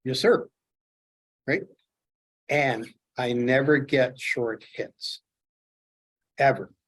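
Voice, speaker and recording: Animated storytelling man tying flies. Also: mid-range voice, drawn-out words. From Canada. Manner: animated storyteller, acts out his own excitement. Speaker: fly tier, presenter. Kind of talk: storytelling fly-tying demonstration.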